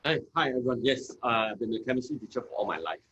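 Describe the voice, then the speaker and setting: A man who is a chemistry teacher, explaining in a measured way with frequent fillers. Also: mid-range voice, animated, a bit bright, slight background noise, low-quality recording. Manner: measured, many "uh" and "okay" fillers. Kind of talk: conversational explanation.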